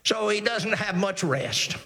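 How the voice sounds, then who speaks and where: A man's voice: high voice, animated, a little slow, gravelly, bright, forceful tone. A male pastor preaching a sermon. He repeats himself earnestly with stammered restarts and reads scripture in old-fashioned wording.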